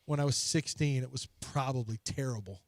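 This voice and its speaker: A man's voice: mid-range voice, brisk, darkish tone, no echo. A man, a sports radio host telling a rambling, self-mocking story in casual studio banter.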